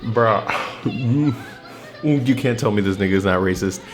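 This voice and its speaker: Low-voiced young man ranting over music. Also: a little slow. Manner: blunt, swears constantly, slangy and heated. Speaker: vlogger. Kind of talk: casual profane rant, storytelling.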